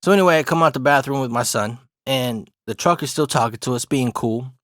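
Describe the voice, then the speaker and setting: A man's voice: medium pitch, brisk, a bit bright, dry recording, clean studio sound. A young adult man casually telling a funny story, swearing a lot and often laughing. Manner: profane, laid-back, laughs often.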